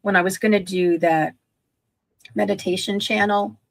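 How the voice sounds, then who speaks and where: On a video call for a relaxed livestream, a sixty-something online business owner appears as a guest and talks eagerly about her work, frequently starting sentences over. Her voice is mid-range and gravelly, with fairly even intonation and a normal speed.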